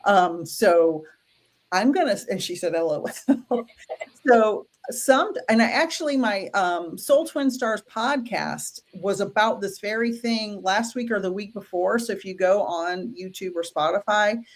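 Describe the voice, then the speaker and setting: A woman's voice: mid-range voice, unhurried. A woman co-hosting a live stream, pulling cards and chatting playfully with viewers. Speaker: co-host. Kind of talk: live-stream card reading.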